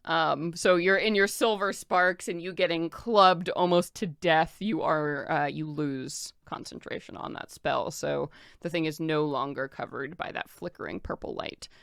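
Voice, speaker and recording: A woman's voice: low voice, unhurried, creaky, few pauses, fairly bright tone, clean tone, no echo, studio quality. A woman narrating a tabletop game as game master, describing scenes in a loose, chatty way with many fillers.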